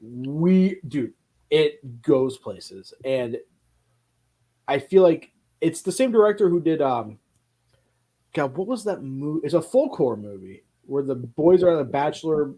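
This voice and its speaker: Animated, cussing male podcast host. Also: fairly high pitch. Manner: animated, swearing, quick asides. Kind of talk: casual film chat.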